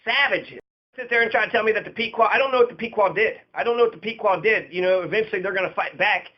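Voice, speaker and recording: A man's voice: high voice, racing. A man giving blunt, profane, casual commentary on history in a ranting way. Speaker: history podcaster. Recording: dull lo-fi recording.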